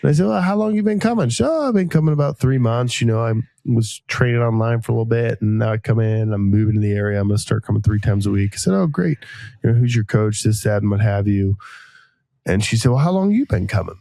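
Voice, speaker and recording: A podcast host in his thirties tells a long, casual story fast and animatedly, his voice gravelly and dark, leaping suddenly in pitch as he acts out each quoted voice. The recording is dry.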